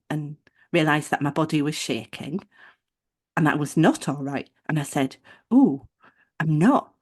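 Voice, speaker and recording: Woman on a podcast, lower voice, pitch jumps all over while she tells a story and does the other people's voices. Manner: animated, acts out quoted voices in storytelling. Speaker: podcast co-host. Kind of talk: casual storytelling chat.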